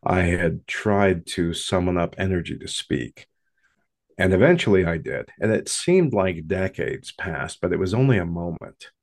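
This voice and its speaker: A man recounts his own paranormal experience at a slow, hushed pace that builds drama. His voice sits very low. It carries a gravelly rasp all the way through. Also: lively intonation. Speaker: storyteller. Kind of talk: first-person paranormal story.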